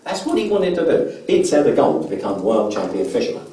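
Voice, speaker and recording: A man's voice: mid-range voice, sing-song, brisk, mellow, distant mic. Man speaking in an echoey hall. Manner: polls the audience with questions, often repeats words when starting a phrase. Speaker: business mentor giving a training seminar. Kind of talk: motivational seminar talk to a live audience. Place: large convention hall.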